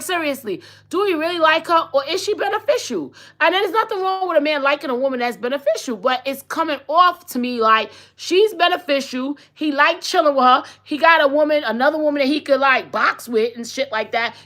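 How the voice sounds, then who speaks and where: A woman's voice: high-pitched, expressive, normal speed, pushed and bright. A woman in her forties hosting a podcast, giving blunt, sassy, slang-filled gossip commentary in a casual chat. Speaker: podcast host.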